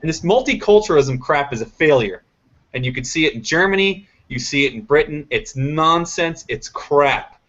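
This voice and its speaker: A male host talking politics in an emphatic, opinionated way. His voice sits a little high, and the call audio sounds dull and lo-fi. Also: expressive, moderate pace, a bit bright. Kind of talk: casual political chat.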